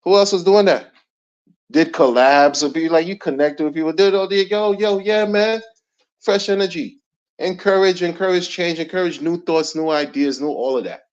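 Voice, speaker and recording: A man's voice: a little high, moderate pace. Emphatic middle-aged man, lo-fi. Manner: emphatic, repeats himself, streetwise slang. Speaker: commentary channel host. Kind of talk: casual ranting commentary. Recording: dull lo-fi recording.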